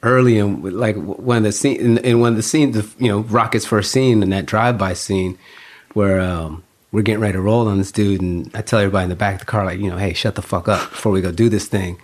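A middle-aged man, an actor and director, telling animated stories in a casual interview, laughing often and acting out quoted exchanges. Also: lowish voice, quick pace. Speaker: actor and film director, guest.

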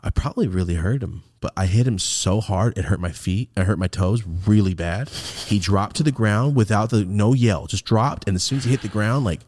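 A podcast host with a somewhat low male voice spins a long personal story in easygoing chat. He swears freely and lively, slipping in and out of the voices of everyone involved. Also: normal speed. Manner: animated, profane, acts out the voices in his stories.

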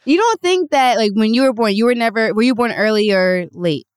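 A woman's voice: fairly high pitch, lively intonation, fairly quick, clear, resonant tone, dry recording, studio quality. Giggly young-sounding woman on a podcast. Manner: giggly, stubborn, playful. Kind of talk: casual podcast banter.

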